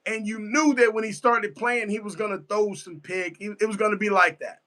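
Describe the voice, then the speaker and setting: A man's voice: high-pitched, steady tone, brisk, sharp tone. A man giving a casual live reaction to a football game, emphatic and repetitive, answering his chat as he goes. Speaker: sports fan streamer.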